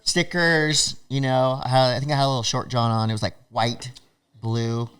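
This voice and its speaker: A man guest on a podcast, telling stories in an animated, laughing way and acting out what other people said. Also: mid-range voice, normal speed, clear, resonant tone. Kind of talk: casual storytelling.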